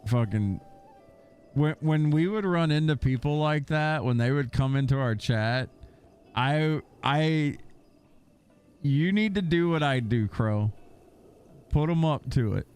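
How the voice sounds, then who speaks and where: Profane, animated male streamer. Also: a little high, takes it slowly, long pauses, clear, resonant tone, faint music behind. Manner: profane, animated storytelling with mocking impressions. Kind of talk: casual chat with stream viewers.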